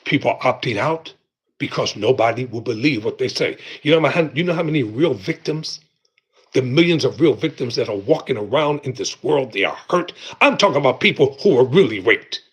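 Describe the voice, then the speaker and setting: A middle-aged man hosting a livestream, giving an impassioned motivational monologue in an emphatic, preacherly way, with loud bursts and low, intense stretches. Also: animated, fairly quick, slightly rough. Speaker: host of a livestream talk.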